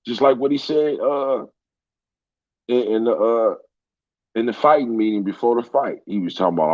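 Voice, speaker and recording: A man's voice: deep voice, expressive, moderate pace, no room sound. A man commenting on sports in a heated, profane casual rant. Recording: dull lo-fi sound.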